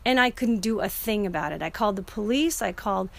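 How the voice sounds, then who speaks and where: A woman's voice: mid-range voice, expressive, fast, creaky. A middle-aged woman telling a personal story in a casual, earnest and emotional way, often restarting her sentences.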